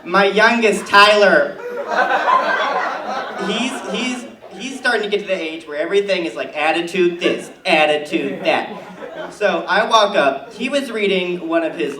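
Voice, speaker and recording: A man's voice: fairly high pitch, lively intonation, unhurried. A man voicing a brash, gossipy middle-aged suburban mom in a stand-up bit, chatty and rambling, recorded in an echoey room with a far-off mic and noise. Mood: brassy gossip. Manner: chatty, rambling, loud and oblivious.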